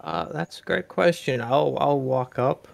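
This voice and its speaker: A man playing a tabletop game, speaking very slowly with a gravelly, creaky edge. He hesitates often, restarting his sentences. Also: a little high, no room sound. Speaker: player.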